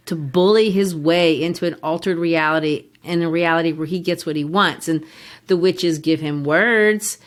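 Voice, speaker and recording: A woman with a somewhat low voice leads a casual literature discussion. She explains ideas patiently in a teacherly way and sounds out the beats of verse as she goes. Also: moderate pace. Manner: explanatory, teacherly, taps out rhythms aloud. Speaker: podcast co-host.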